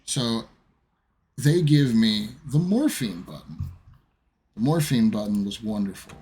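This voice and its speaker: Husky-voiced man telling a rambling story. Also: lowish voice, lively intonation, takes it slowly, darkish tone. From United States. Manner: profane, rambling anecdote. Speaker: streamer. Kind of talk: casual storytelling.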